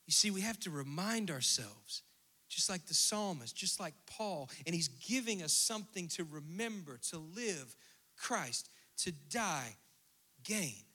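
A man preaching a sermon, swinging from hushed asides to emphatic, rhythmic declarations. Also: on the high side, unhurried. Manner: animated preaching, dropping to near-whispers and rising to emphatic bursts. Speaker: pastor.

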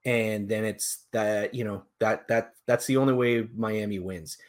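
A man co-hosting a casual sports podcast, breaking down football plays with animated, argumentative analysis. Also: lowish voice, unhurried.

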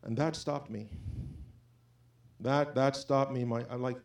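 A man's voice: mid-range voice, fairly even intonation, measured pace, darkish tone. A man giving an informal, impassioned sermon, talking conversationally and quoting scripture. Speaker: preacher.

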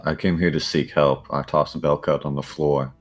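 A man playing a tabletop game, speaking plainly and flatly in character. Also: a bass voice, moderate pace, soft background music. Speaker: player. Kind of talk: tabletop role-play.

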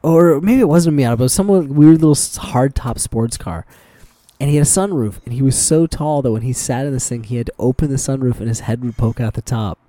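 A man's voice: mid-range voice, brisk, dry recording. A man co-hosting a podcast, telling work stories in a loose, swearing chat and acting out what people said. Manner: animated storytelling, swearing, quoting people. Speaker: podcast co-host. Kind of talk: casual chat.

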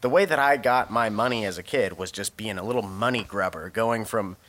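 A man's voice: lowish voice, a little fast, fairly bright tone, a little hiss or hum. A man co-hosting a podcast, chatting casually in a jokey, rambling way and laughing often. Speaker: podcast co-host. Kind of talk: casual chat.

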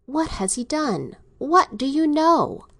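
A woman's voice: high-pitched, sing-song, slow pace, voice pushed up, full character voice. A woman reading an audiobook, voicing a timid, devoted young daughter in an earnest, pleading way.

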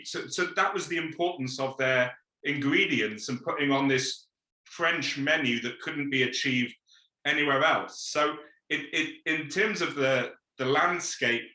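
Casting: bright, slightly high male interviewer, enthusiastic, recorded in an echoey room. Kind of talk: conversational interview.

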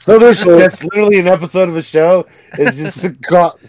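A man's voice: high voice, fairly quick, darkish tone, no room sound. A male podcast co-host in casual chat, rambling, swearing and joking.

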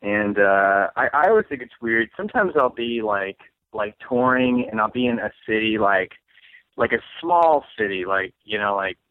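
A man's voice: on the low side, animated, moderate pace, no room sound. A man from St. Louis, a comedian guest, chatting casually in a rambling, self-mocking way and laughing often. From St. Louis, USA. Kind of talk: casual chat. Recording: dry, phone-like line.

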